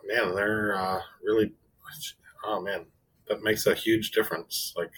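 A man's voice: lowish voice, fairly even intonation, measured pace, fairly bright tone, slight background noise, low-quality recording. A man chatting casually on a gaming podcast in an easygoing, hesitant way. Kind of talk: casual chat.

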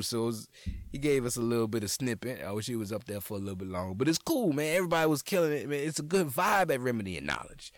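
A man's voice: mid-range voice, lively intonation, quick pace, dry recording, studio quality. A man from New Orleans with a local accent, talking casually and profanely on his podcast, rambling with lots of restarts. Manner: rambling, profane, stop-start with many restarts. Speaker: comedian and podcast host. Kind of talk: casual solo podcast talk.

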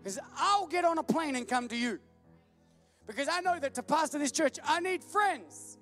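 A man preaching with a very high, light voice, joking about himself and breaking into laughter as he tells stories. Faint music sits under his sermon. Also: moderate pace. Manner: self-deprecating, animated storytelling with laughs. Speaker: pastor. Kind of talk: humorous sermon.

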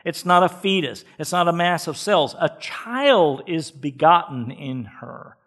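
Male pastor, emphatic sermon delivery, somewhat high-pitched voice, repeats words for weight. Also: expressive, measured pace, fairly bright tone. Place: church.

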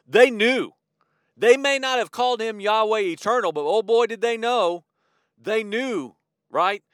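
Male pastor, middle-aged, high and expressive voice, dry close sound, chatty animated sermon. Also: measured pace, smooth, no room sound. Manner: animated, conversational preaching with asides and acted-out quotes.

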